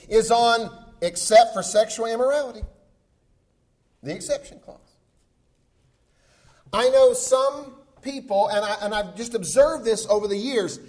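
A man's voice: extremely high pitch, a little mellow. A man preaching a sermon in an earnest, conversational way, often asking the listeners rhetorical questions.

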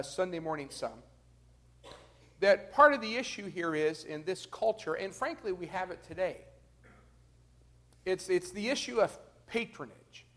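A man with a notably high voice leads a Bible class, talking through the text one verse at a time. He keeps an easy, conversational tone and speaks straight to the group in front of him. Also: fairly bright tone. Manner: explains verse by verse, addresses the class directly. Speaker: Bible study teacher.

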